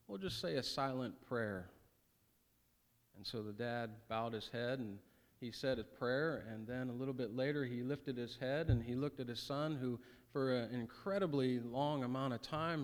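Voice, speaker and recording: A man preaches in a church sanctuary, his voice at an ordinary middle pitch. He talks in an earnest, conversational way and drops in folksy asides. A long reverb trails each of his phrases. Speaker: pastor. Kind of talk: sermon.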